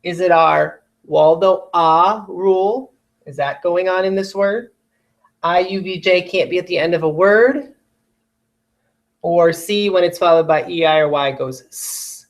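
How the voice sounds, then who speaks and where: A woman's voice: on the low side, fairly even intonation, measured pace. A woman teaching a recorded phonics lesson to children, patiently stretching out vowel sounds and syllables.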